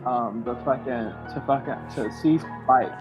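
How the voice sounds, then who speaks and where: A man's voice: medium pitch, unhurried, music in the background, low-quality recording. Rambling man telling an absurd story. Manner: rambling, loose, laughing asides. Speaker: podcast co-host. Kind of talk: comedic storytelling.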